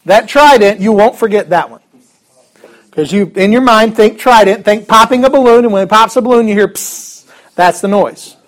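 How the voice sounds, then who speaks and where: A man's voice: sits high, fairly quick. A man teaching a Bible class in a casual, joking way, chuckling often and restarting his sentences.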